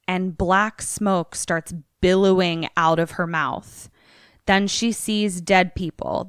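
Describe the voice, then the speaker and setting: A woman's voice: on the low side, clean tone, no echo, studio quality. A young adult woman, a podcast co-host, casually recapping a film and acting out the characters' lines. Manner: animated storyteller, acts out characters' lines.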